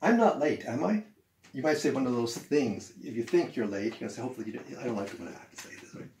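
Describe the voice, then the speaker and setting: A man's voice: mid-range voice, racing, dark tone. A man teaching an English grammar lesson at a whiteboard, acting out example sentences with swooping intonation. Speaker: ESL teacher. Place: room with a whiteboard. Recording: echoey room with faint noise.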